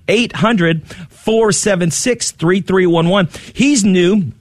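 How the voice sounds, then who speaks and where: A man's voice: high voice, slow, dry recording. A man hosting a radio pledge drive, upbeat and repeating the call-in number. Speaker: radio host.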